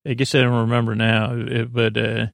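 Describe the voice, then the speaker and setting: A man with a gravelly, creaky voice hosts a sleep-aid podcast, wandering through an episode recap as he thinks aloud. His delivery is hesitant and meandering, with barely any rise and fall in pitch. The recording is dry and close, with no room sound around him. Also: monotone, normal speed, no echo. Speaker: podcast host.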